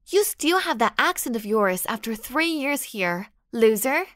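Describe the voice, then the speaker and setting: Spoiled high-pitched schoolgirl, whining and venomous, voiced by a woman reader, dry close audiobook sound. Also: sing-song, a little slow, a bit bright, dry recording. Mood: whiny. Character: catty teenage schoolgirl, spoiled and whiny. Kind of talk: audiobook character voice.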